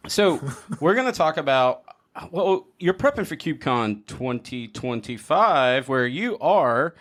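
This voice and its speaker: A man's voice: a little high, measured pace, no echo, clean studio sound. A man hosting a podcast, chatting casually in a playful, joking way. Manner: playful, jokey, animated. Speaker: podcast host. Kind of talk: casual chat.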